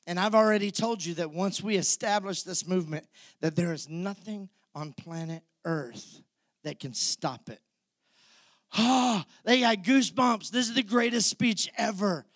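Male pastor, higher voice, dry close sound, vivid storytelling sermon with congregation call-outs. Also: normal speed, fairly bright tone, no echo.

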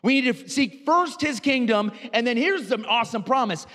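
Pastor preaching in a reverberant hall. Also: male voice, extremely high pitch, normal speed. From United States. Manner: storytelling, animated, laughs at own anecdotes. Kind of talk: sermon.

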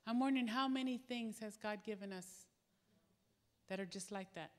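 A woman's voice: mid-range voice, normal speed, darkish tone. A middle-aged woman preaching a sermon, candid and earnest, telling stories. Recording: echoey hall.

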